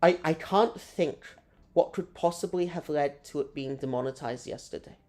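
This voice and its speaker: A woman's voice: deep voice, moderate pace, warm tone. A woman hosting a live gameplay stream, chatting with her audience in a rambling, self-mocking way. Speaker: gaming streamer.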